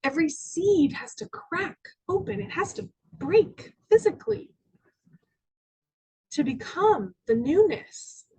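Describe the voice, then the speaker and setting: A woman minister giving a spiritual talk to a congregation, telling personal stories and sometimes dropping to a soft near-whisper. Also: very high-pitched, big pitch swings, slow pace, low-quality recording. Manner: storytelling, acting out quoted voices, dropping to soft near-whispers. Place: church sanctuary with audience.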